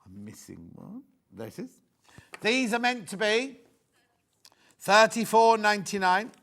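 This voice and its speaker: A middle-aged man hosts a live shopping broadcast, talking in a somewhat high voice. He rambles through anecdotes and jokey asides between quoting prices. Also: wildly swooping pitch, unhurried, vocal fry, fairly bright tone. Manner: chatty, rambling, joking asides. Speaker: shopping channel presenter. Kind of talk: live TV sales chat.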